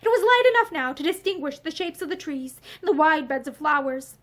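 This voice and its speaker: A woman reading a novel aloud in an expressive way, seated in a room lined with bookshelves. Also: high voice, a little fast. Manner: expressive, acts out the dialogue. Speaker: audiobook reader.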